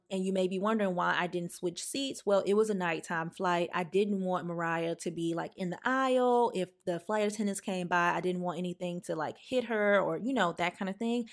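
Young woman podcaster storytelling, animated and emphatic. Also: on the low side. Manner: animated, emphatic, acts out quoted lines. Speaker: podcast host. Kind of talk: candid personal storytelling.

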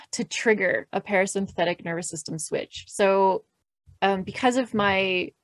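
A woman calmly explaining breathing mantras in an interview, gentle and measured, with light laughs. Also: medium pitch, vocal fry, no echo. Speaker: podcast host and guest expert. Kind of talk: calm instructional explanation.

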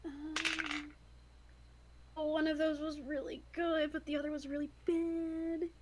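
A woman playing a tabletop game, talking in a soft, halting way. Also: sits high, flat delivery, noisy background. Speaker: player. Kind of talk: casual tabletop game play.

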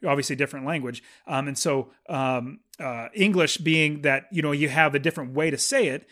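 A man's voice: a little high, brisk, fairly bright tone. A man chatting casually and enthusiastically about a movie as a podcast co-host, rambling with frequent restarts.

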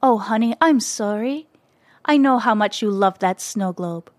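A woman voicing a gentle, comforting mother in a storybook reading, speaking in a soothing, slightly higher voice. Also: expressive, unhurried, no echo, lightly acted.

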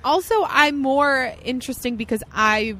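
A woman comedian, a guest on a casual podcast, telling stories in an animated, playful way. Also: sits high, normal speed, a little hiss or hum.

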